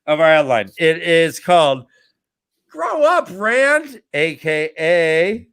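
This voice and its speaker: Male podcast host, casual recap, unhurried and bouncy in pitch, jokey rambling delivery. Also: very animated, fairly bright tone, clean tone. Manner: playful and rambling, acts out characters. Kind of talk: casual book-discussion podcast.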